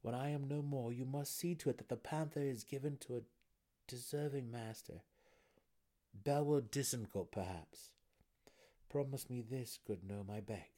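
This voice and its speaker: A man voicing a young male dark elf prisoner who speaks calmly and quietly. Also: medium pitch, moderate pace, voice pushed up, lightly acted. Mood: resigned. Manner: calm, quiet.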